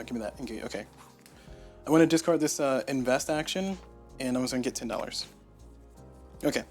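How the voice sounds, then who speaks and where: A man streaming a solo board game playthrough, thinking aloud and muttering to himself on a lapel mic. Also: medium pitch. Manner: thinking aloud, muttering, self-deprecating asides. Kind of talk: casual solo playthrough commentary. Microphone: lapel mic on shirt.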